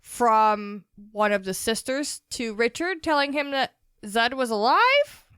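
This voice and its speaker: A woman's voice: on the high side, lively intonation, slow, a bit bright, clean tone, no room sound, clean studio sound. A woman co-hosting a book podcast, recapping a chapter in a rambling, casual way, laughing often and swearing. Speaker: podcast co-host.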